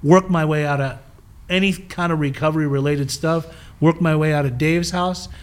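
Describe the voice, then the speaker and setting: A man telling his life story as a guest in an interview, animated and acting out the voices of the people he quotes. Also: fairly high pitch, moderate pace, smooth. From southern California.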